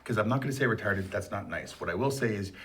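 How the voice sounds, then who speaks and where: A man's voice: lowish voice, fast talker, a bit bright. A man co-hosting a movie review show, chatting casually and teasing his partner with dry sarcasm.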